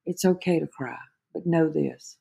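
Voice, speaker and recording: A woman's voice: low-pitched, a little slow, creaky, warm tone, husky. A woman giving an earnest devotional talk, often repeating words as she starts a phrase. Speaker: devotional speaker.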